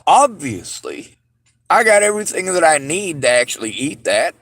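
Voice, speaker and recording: A man delivering a bitter, angry vlog monologue, swearing heavily and rising into shouts. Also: a little high, big pitch swings, normal speed. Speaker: vlogger.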